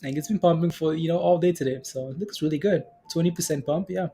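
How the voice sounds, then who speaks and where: A man's voice: a little high, fast talker, dark tone, breathy edge. Laid-back man hosting a stock livestream. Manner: laid-back, laughs a lot, asks for confirmation with "right?". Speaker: stock market livestream host. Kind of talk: casual live market chat.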